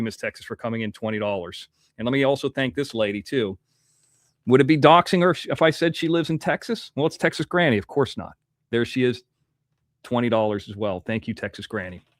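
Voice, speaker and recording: A man hosts a casual livestream, rambling while he reads out viewer donations and nursing a toothache. His voice is mid-range, captured with clean, dry studio sound.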